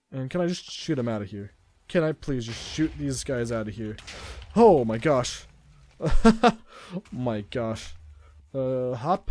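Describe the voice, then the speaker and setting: A young man giving live gameplay commentary, exasperated and excitable, breaking into yelps and laughs at the game. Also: medium pitch. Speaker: gaming YouTuber.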